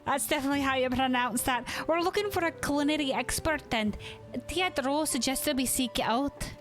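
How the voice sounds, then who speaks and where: A woman's voice: high voice, moderate pace, soft background music, voice pushed up, close to an everyday voice. Woman voicing an eager, polite young adventurer.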